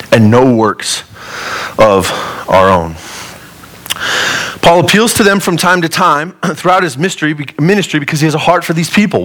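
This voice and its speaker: A man preaching a sermon in an earnest, conversational way, his voice sitting a little higher than most men's. He is from Colorado and moves from easy asides into emphatic, rising lines and then drops low again. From Colorado, USA. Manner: earnest, conversational preaching with wide swings in pitch and loudness. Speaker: pastor.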